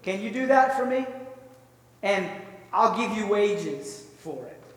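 A gentle, pleading princess, as a preacher acts her out, asking softly and kindly in a fairly high voice. It echoes heavily around a large hall, heard from a distance. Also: lively intonation, takes it slowly. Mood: gently pleading. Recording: echoey hall, far from mic.

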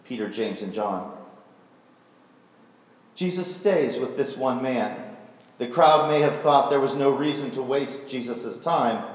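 Man preaching in a booming echoey hall. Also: far from the mic. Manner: vivid storytelling retelling with rhetorical questions. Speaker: pastor. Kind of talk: sermon.

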